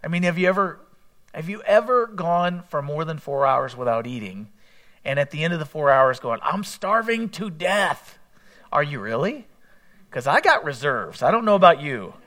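A man's voice: on the high side, lively intonation, moderate pace, fairly bright tone. A man preaching a sermon in a conversational way, asking his listeners questions and acting out quotes as he reads the scripture aloud. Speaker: pastor.

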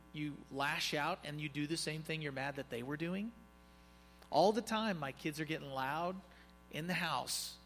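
Guy preaching a chatty sermon, kinda high voice, bit of a hall echo and soft music under it. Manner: animated, joking asides to the congregation. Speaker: pastor. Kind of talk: conversational sermon. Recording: long reverb, faint music behind.

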